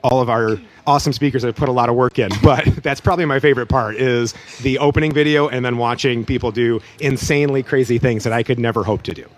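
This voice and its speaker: A middle-aged man chatting casually as co-host of a church pre-show. His voice sits at an ordinary middle pitch, and he talks in an easygoing, jokey way, laughing readily between lines. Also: fast talker, hardly any pauses. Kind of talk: casual chat.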